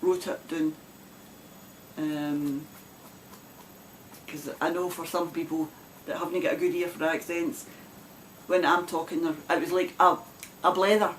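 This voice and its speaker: This knitting podcast host from Scotland speaks in a broad Glasgow accent, chatting casually to camera between frequent laughs and rambling tangents. Her voice sits low with little pitch movement, unhurried and marked by long pauses. There's slight background noise.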